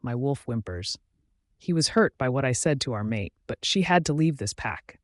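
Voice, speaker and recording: A man reading a first-person romance audiobook aloud, dramatic and shifting between hushed and raised delivery. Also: medium pitch, lively intonation, normal speed, dry recording. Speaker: audiobook narrator.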